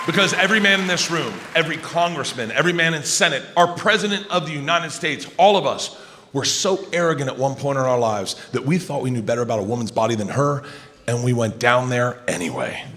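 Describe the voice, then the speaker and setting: On stage in a large arena, a stand-up comedian in his fifties tells stories loudly and fairly quickly, swinging from low asides to shouted high bursts. The live recording clearly carries crowd noise and audience laughter.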